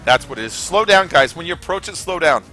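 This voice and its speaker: A gaming streamer from California rambles and chats while playing a racing game, swearing freely. His voice is a little high, bright, and forceful, with an expressive, quick delivery. Faint music plays behind him.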